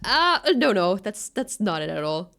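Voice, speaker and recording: A woman's voice: mid-range voice, big pitch swings, moderate pace, gravelly, sharp tone, slight background noise. Giggly woman streamer. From Finland. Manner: giggly, self-deprecating. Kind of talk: casual chat while reading a game.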